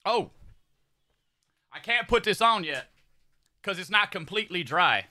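A young man streams from a small room at home, cursing and rambling in loose slang while he does his makeup. His voice is sharp and very bright, a bit high for a man, and it swings up and down a lot. The sound is close and completely dry. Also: big pitch swings, a little slow, no echo. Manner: profane, slangy, rambling with repeated phrases. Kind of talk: casual livestream chat while doing makeup.

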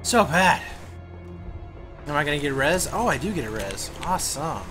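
A man giving casual commentary on his own gameplay, excitable, swearing and breaking into sudden yelps and groans. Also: a little high, quick pace, soft background music.

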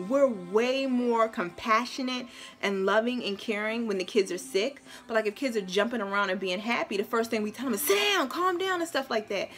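A woman's voice: fairly high pitch, a bit bright. A woman in her thirties with a Brooklyn accent, talking frankly and emphatically in a casual family vlog. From Brooklyn, New York. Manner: frank, emphatic, scolding her small son playfully. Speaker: mom vlogger.

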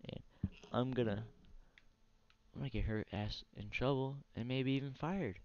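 A man's voice: medium pitch, normal speed, darkish tone, no echo. Tired, profane young man gaming. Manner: profane, ranting, blunt. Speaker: gaming channel host. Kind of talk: casual let's play commentary. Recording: dry, dull lo-fi mic.

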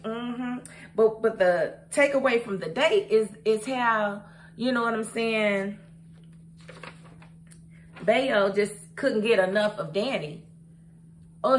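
A woman's voice: on the high side, fairly bright tone, slight background noise. A young adult woman reviewing a TV episode in a casual, sassy way, often talking straight to the characters. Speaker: TV show reviewer. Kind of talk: casual recap and commentary.

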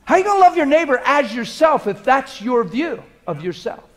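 A middle-aged man preaching a sermon to a live congregation, moving from hushed prayerful murmurs to loud, animated, laughing storytelling. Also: extremely high pitch, brisk. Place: church hall before a live congregation.

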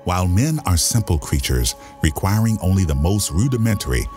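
A man's voice: sits low, big pitch swings, a little fast. A man reading a grave, mock-documentary voice-over as the show's scripted intro. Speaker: show intro announcer. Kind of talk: scripted dramatic voice-over narration. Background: music.

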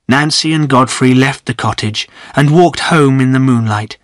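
A man narrating a story in a measured reading for English learners. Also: mid-range voice, no room sound, studio quality.

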